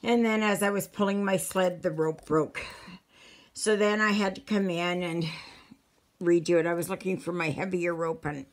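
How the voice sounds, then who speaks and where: A woman chatting casually to her viewers, a little out of breath, rambling with halting restarts. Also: fairly low pitch, steady tone. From Canada. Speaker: stitching vlogger. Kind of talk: casual chat.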